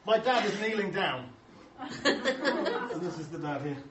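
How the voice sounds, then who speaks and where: A man's voice: high-pitched, big pitch swings, slow, dull audio, crowd noise. An Englishman giving a humorous talk to an audience, telling chatty, self-mocking stories and acting out the voices he quotes. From England. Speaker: speaker showing photos to an audience. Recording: echoey hall, distant mic, faint noise.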